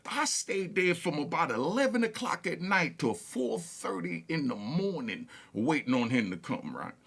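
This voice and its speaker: A man with a gravelly, husky voice tells long street stories in a loose, rambling way. His pitch moves around a lot as he talks, and he keeps checking in with "you know what I mean". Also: sing-song, normal speed, fairly bright tone. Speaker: reaction video host. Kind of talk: casual storytelling.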